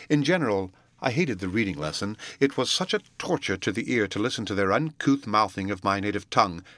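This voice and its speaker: A man reading a classic novel aloud as an audiobook narrator, in a measured, deliberate way. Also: on the low side, a bit bright, no echo. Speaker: audiobook reader.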